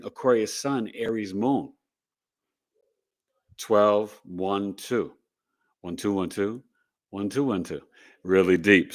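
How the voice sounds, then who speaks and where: A middle-aged man hosting an astrology livestream, chatting casually in a rambling, upbeat way with asides to his viewers. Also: on the low side. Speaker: astrology podcast host.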